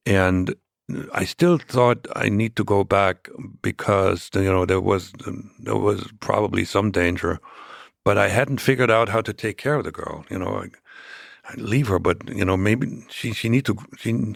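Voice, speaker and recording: A man as a podcast guest, recounting past events in a measured, reflective way during a conversational interview. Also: low voice, vocal fry, dry recording, clean studio sound.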